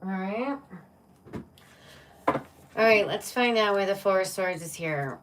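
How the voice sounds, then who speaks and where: A woman's voice: medium pitch, lively intonation, takes it slowly, far from the mic, noisy background. A woman giving a casual live-streamed tarot reading, chatty and playful, often laughing and calling her viewers "my love" and "baby". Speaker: tarot reader.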